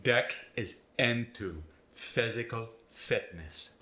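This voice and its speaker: A man putting on a West African accent, speaking example sentences slowly and deliberately and stressing every syllable. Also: mid-range voice, sharp tone, echoey room. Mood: demonstrating.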